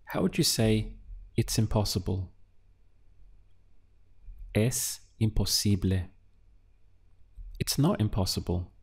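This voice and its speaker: A man teaching a beginner language lesson, drilling words syllable by syllable with patient pauses. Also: on the low side, creaky, a little mellow, slightly rough. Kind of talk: slow, deliberate language lesson.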